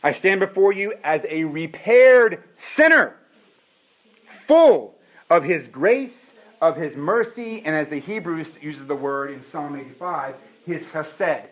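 A man's voice: fairly high pitch, animated, slow pace. A man preaching a sermon, pleading and impassioned, repeating his calls again and again. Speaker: pastor.

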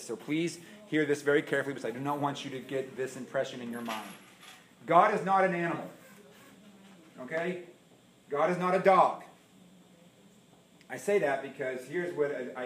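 A man preaching a sermon as pastor, emphatic, repeating his points and asking the congregation questions, in an echoey church. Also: on the high side. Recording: echoey room.

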